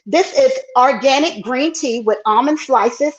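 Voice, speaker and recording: Speaking a little slowly, a woman with a Southern Texas accent gives a chatty, exuberant live sales demo of her teas. She's on an earpiece mic for the livestream, and the highs in her audio are cut off.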